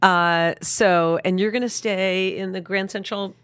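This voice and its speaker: A woman's voice: medium pitch, steady tone, a little slow, a bit bright, smooth, no echo. A woman co-hosting a casual podcast chat, teasing her friend and laughing a lot. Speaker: podcast co-host.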